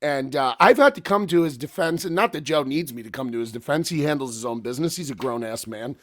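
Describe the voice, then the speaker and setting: A man's voice: mid-range voice, lively intonation, quick pace, fairly bright tone. A man hosting a podcast, talking casually and earnestly with plenty of restarts. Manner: earnest, then teasing. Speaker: podcast host. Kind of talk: casual chat.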